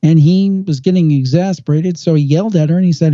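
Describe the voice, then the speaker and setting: A man with a very dark, mellow voice spins a creepy story, slowing down and leaning on the tense moments. The sound is dry and a little dull, like a lo-fi podcast recording. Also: fairly high pitch, no echo. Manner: measured storyteller with slow dramatic pauses. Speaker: paranormal podcast guest host.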